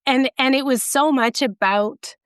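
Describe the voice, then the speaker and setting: A woman's voice: high-pitched, a little slow, smooth, dry recording, studio quality. A middle-aged woman, a podcast guest, telling a rambling, self-deprecating story in casual conversation.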